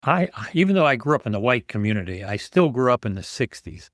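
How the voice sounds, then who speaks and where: An older man in his sixties speaks earnestly as a podcast guest, often repeating a word as he builds toward his point. His voice sits at a middle pitch for a man. The sound is close and dry. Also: very animated, fast talker, dry recording. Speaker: guest, author and nonprofit founder. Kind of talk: podcast interview storytelling.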